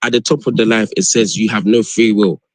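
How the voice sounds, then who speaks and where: A man's voice: fairly low pitch, fairly even intonation, fairly quick, crowd noise. A man calling into a live debate stream, insistent and preachy as he argues his point.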